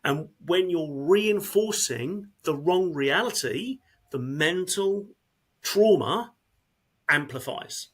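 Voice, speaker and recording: Husky-voiced man, halting and earnest. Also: fairly high pitch, lively intonation. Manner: earnest, halting, repeats words often. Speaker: emergency service worker, interview guest. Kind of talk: candid conversational interview.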